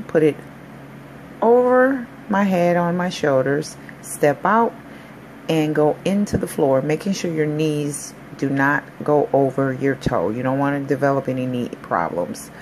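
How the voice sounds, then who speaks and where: A woman with a low, deep-set voice talks through leg exercises as a personal trainer, upbeat and encouraging. Her delivery is casual and chatty, and faint background noise sits under the voice. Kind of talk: casual fitness vlog with exercise instruction.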